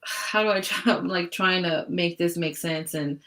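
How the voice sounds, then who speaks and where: A woman's voice: fairly low pitch, normal speed, a bit bright. A woman in a book club discussion on a video call, talking casually and hesitantly, searching for words and laughing often. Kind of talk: casual chat.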